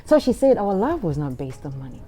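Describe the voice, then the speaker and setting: A middle-aged woman on a talk show, chatting casually and telling an animated story, acting out quoted voices. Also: brisk, faint music behind. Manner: animated storyteller, acts out quotes with big pitch jumps.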